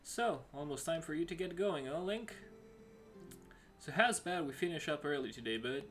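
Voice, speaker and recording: A man's voice: a little high, expressive, normal speed, a bit bright, faint music behind, pitched above the performer's own voice. A man voicing a cheerful young male ranch hand in a chummy, upbeat way.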